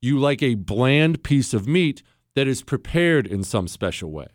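A man's voice: medium pitch, very animated, unhurried, no room sound. Male talk host, combative and teasing, voice swinging up and down, dry studio sound. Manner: emphatic, combative, teasing and repetitive. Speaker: radio talk show host. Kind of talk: opinionated monologue.

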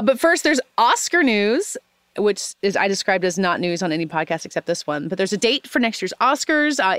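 A woman's voice: medium pitch, clear, resonant tone, no echo. A woman hosting an awards-season podcast, chatting casually with fillers. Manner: relaxed, chatty with frequent fillers. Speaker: podcast host. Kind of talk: casual chat.

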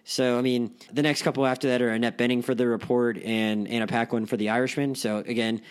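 Young male podcast host, chatty and rambling, full of "like" and restarts, mid-pitched voice. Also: fairly even intonation, fast talker, clear, resonant tone. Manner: rambling, many fillers and restarts. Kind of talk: casual film podcast chat.

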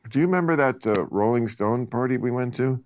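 A man hosting a casual chat, blunt and quick to laugh, often chiming in with agreement. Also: medium pitch, animated, darkish tone, a little hiss or hum. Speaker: host.

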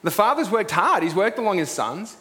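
A man preaching a sermon, retelling a story in a lively way and acting out what its figures say. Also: high-pitched, fairly quick. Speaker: pastor. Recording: long reverb with faint room noise.

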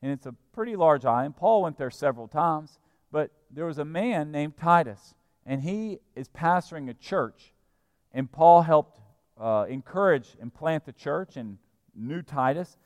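Pastor guy preaching, kinda high voice, emphatic and animated, church echo hanging after every line. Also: unhurried. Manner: animated, emphatic preaching that acts out the people he talks about. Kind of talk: sermon. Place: church sanctuary.

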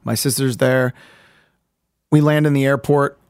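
Guy with a gravelly voice telling a rough family story, dry close mic, keeps restarting. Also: medium pitch, fairly even intonation, a little mellow, no echo. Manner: halting, restarts often, swears casually. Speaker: podcast co-host. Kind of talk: candid personal storytelling.

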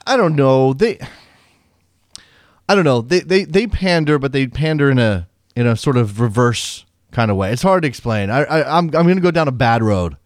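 A man's voice: medium pitch, expressive, normal speed, no room sound, studio quality. An American man co-hosting a casual soccer podcast, talking in a rambling, opinionated way and often restarting his sentences. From United States. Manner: rambling, self-interrupting, opinionated. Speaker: podcast co-host.

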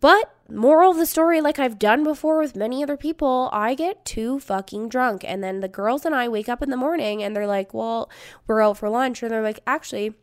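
A woman's voice: fairly high pitch, a little fast. A woman in her thirties telling a story casually, cursing freely and acting out the quotes as she laughs through it. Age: 30s. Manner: profane, animated, laughing retelling with acted-out quotes.

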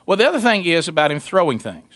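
Animated, high-voiced man telling a story. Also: quick pace, no echo. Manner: animated storyteller, high squeaky voices for a toddler, laughs often. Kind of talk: casual chat.

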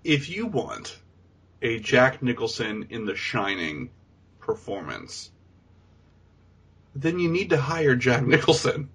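A man's voice: mid-range voice, big pitch swings, takes it slowly, long pauses, a bit bright, slightly rough. A man co-hosting a podcast who animatedly recaps a film, laughing often and acting out the characters. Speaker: podcast co-host. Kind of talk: casual movie recap chat.

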